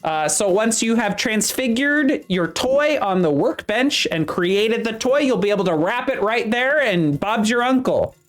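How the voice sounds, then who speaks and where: A game master voicing a chipper workshop supervisor at Santa's workshop, talking with a Midwestern accent in hurried tour-guide patter. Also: mid-range voice, animated, pitched above the performer's own voice, lightly acted. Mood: upbeat. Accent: Midwestern American.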